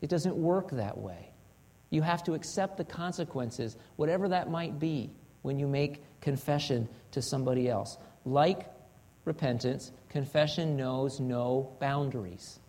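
A man's voice: medium pitch, a little slow, darkish tone. A man preaching a sermon in an earnest manner, asking rhetorical questions and acting out example confessions. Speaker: pastor.

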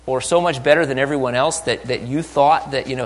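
Animated male preacher with big swings. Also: mid-range voice, brisk. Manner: animated, acts out disciples' voices with wide swings in loudness. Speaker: pastor. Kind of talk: sermon.

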